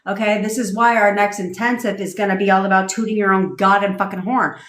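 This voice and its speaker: Woman, livestream coach, blunt and profane, fired-up rant, mid-pitched, roomy echo. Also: steady tone, a little fast, fairly bright tone. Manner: reads and answers viewer comments. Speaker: manifestation coach. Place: home desk. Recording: roomy, echoey room sound.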